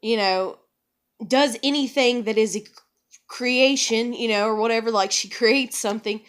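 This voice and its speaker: A woman's voice: sits high, a bit bright. A young woman talking candidly in a rambling personal monologue, full of fillers and swearing. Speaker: vlogger.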